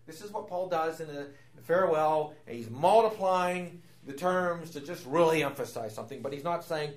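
A man teaching a Bible lesson, lively and explanatory, asking rhetorical questions and answering them himself, rising in pitch and volume when he quotes Scripture. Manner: animated, rises sharply when quoting Scripture. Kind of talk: classroom Bible lecture.

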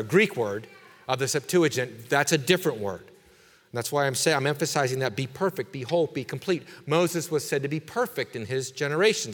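A man pastor preaching a sermon with emphatic delivery, dropping quiet and then rising to forceful exhortation. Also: medium pitch, big-room sound.

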